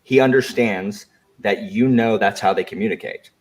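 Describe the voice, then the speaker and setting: A man's voice: on the low side, moderate pace. An American man hosting a casual book discussion livestream, talking emphatically and repeating his points. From United States. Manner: animated, emphatic, repeats phrases. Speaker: host.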